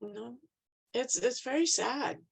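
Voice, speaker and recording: A woman's voice: on the high side, lively intonation, unhurried, creaky, husky, low-quality recording. A woman taking part in a live Q&A over a video call, speaking frankly and a little wearily. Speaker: program participant asking questions. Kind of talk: casual talk in a Q&A.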